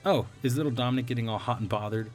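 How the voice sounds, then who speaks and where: A man's voice: mid-range voice, racing, faint music behind, close to an everyday voice. Man playing a smug, teasing young woman.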